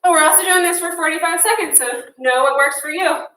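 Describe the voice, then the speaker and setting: Fitness instructor, woman, 30s, bright and high, breathless workout coaching. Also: quick pace. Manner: upbeat, chatty, counting down reps. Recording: echoey room from a distance.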